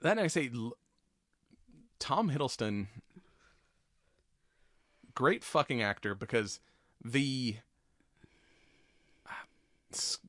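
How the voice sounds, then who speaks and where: A man hosting a podcast in a loose, joking way, with frequent laughter. His voice sits at an ordinary middle pitch. The recording is dry and close, with no room echo. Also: sing-song, slow, pauses often, fairly bright tone. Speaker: podcast host. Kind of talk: casual chat.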